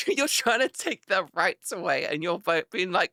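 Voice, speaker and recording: A woman's voice: fairly low pitch, expressive, a little slow, sharp tone, dry recording, clean studio sound. A woman streamer in a casual live chat with her viewers, ranting animatedly, swearing a lot and laughing often.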